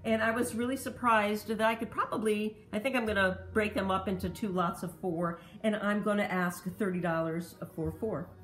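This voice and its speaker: A woman's voice: medium pitch, steady tone, normal speed, few pauses, reverberant. A woman in a casual vlog, chatting about her thrift-store finds and explaining their history in detail. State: slight cough. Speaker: thrift reseller showing finds. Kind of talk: casual show-and-tell vlog.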